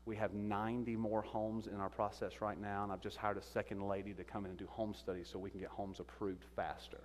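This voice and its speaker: A man, a guest speaker telling a sermon testimony, halting and repeating his words as he goes. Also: fairly low pitch, level tone, a little hiss or hum. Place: church sanctuary. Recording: echoey sanctuary reverb.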